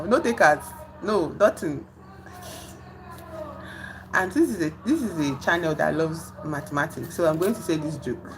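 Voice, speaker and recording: A woman hosting a casual livestream, chatty and full of fillers, teasing her quiet chat. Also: low voice, unhurried, long pauses, music in the background, rough recording. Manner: chatty, trails off with fillers, teases an unresponsive chat. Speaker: live streamer. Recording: steady background noise.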